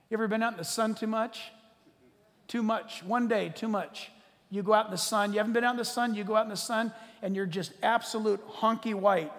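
A man preaching a sermon to his church, animated and joking, swinging between loud declarations and hushed asides. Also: high-pitched, brisk, big-room sound. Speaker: pastor. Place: church hall.

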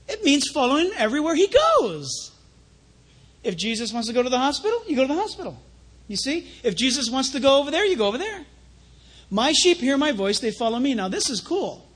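A man preaching a sermon in a conversational, animated way, telling stories between scripture. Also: very high-pitched. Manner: conversational preaching with anecdotes, rising to animated emphasis.

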